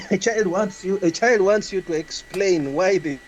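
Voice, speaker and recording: A man's voice: high voice, takes it slowly, long pauses, darkish tone, slight background noise, poor audio. A man talking as a guest in a casual discussion, rambling and stumbling as he searches for his words. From Uganda. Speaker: guest speaker.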